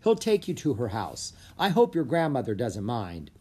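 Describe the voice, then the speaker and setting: A reader doing a brisk woman tour guide. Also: medium pitch, huge pitch swings, darkish tone, breathy edge. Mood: instructive. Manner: instructive, guide-like. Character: brisk woman panda center director. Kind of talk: audiobook character voice.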